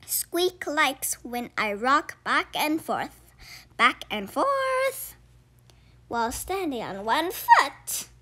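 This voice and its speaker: A woman voicing a gentle, caring fox in a children's storybook reading, soft and calm, close to her narrating voice. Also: high-pitched, extremely slow, heavily acted.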